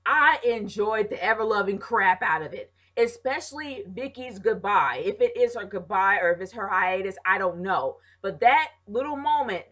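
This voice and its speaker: A woman's voice: on the high side, bright, forceful tone. A woman casually reviewing a wrestling show, ranting with exasperation and calling her viewers "y'all". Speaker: wrestling vlogger.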